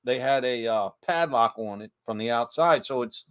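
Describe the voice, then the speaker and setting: A man's voice: mid-range voice, moderate pace, a bit bright. A man in casual chat, carefully explaining what he saw on a ghost hunt, laughing often. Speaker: paranormal investigator co-host.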